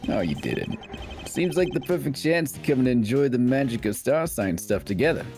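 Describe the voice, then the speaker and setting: A man's voice: mid-range voice, sing-song, normal speed, darkish tone, faint music behind. A man voicing a brash, slangy young male investigator who teases and spins stories in a breezy way. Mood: teasing. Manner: breezy, teasing storyteller slang. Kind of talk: live voice-over of a video game.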